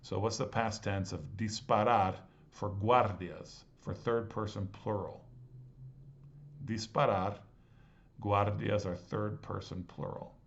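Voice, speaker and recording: A man teaching a language class, patiently walking through exercises and slowly sounding out words syllable by syllable. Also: fairly low pitch, steady tone, gravelly. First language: English. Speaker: Spanish teacher. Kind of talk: explaining grammar exercises. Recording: slightly dull lo-fi audio.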